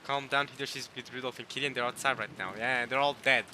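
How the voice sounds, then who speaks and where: A man's voice: mid-range voice, quick pace, few pauses, low-quality recording. A man giving casual, joking commentary while playing a visual novel, often repeating and correcting himself. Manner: animated, joking, self-interrupting. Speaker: video game streamer. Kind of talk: casual let's-play commentary.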